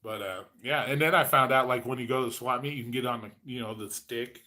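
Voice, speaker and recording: A man's voice: mid-range voice, quick pace, bright, forceful tone. Male host, forties, casual, foul-mouthed, rambling chat delivery. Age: 40s. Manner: profane, rambling storyteller.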